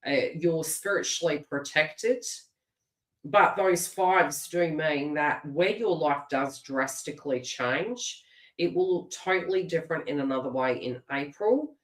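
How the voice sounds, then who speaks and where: Low-pitched and a little slow, this middle-aged Australian tarot reader does a live reading and chats in a relaxed way. She laughs a lot and often restarts what she's saying, and the room gives her voice an echo.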